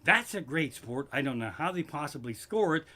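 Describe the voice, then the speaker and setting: A man's voice: on the high side, lively intonation, normal speed, bright, forceful tone. A man doing profane, worked-up stand-up comedy, streamed live from his living room, with a Pennsylvania accent.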